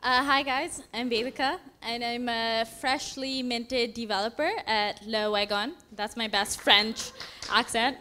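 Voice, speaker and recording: A woman's voice: a little high, fairly even intonation, a little slow, sharp tone, slight background noise. A young woman presenting her coding project at a demo day, walking through an app with an upbeat, conversational manner. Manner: upbeat, narrates a live app demo with filler "uh"s.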